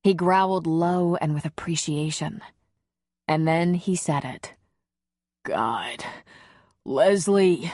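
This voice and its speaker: A woman narrating a romance audiobook in a slow, measured, intimate reading. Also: fairly low pitch, fairly even intonation, a little mellow, no room sound, studio quality.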